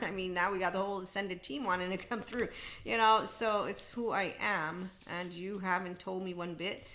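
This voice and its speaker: A middle-aged woman hosts her podcast in a loose, rambling monologue. Her voice is bright and slightly low, and she gets animated, laughs often and slips into mocking voices for other people. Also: moderate pace. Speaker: podcast host. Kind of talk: casual spiritual monologue.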